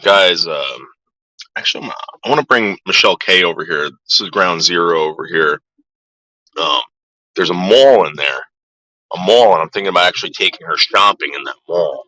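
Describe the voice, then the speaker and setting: A man's voice: deep voice, normal speed, sharp tone, dry recording, poor audio. A man vlogging casually, telling a rambling story in a blunt, profane way.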